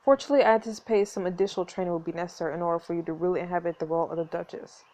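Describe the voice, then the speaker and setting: A woman doing a lower, brisk male director. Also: darkish tone, close to an everyday voice. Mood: instructing. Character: commanding male stage director.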